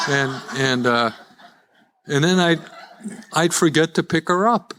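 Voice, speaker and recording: Before a live event audience, this older Chicago man shares his own story as a recovery speaker, full of self-deprecating humor and restarts. He sounds mid-range, expressive, and fairly bright at a moderate pace, with slight background noise.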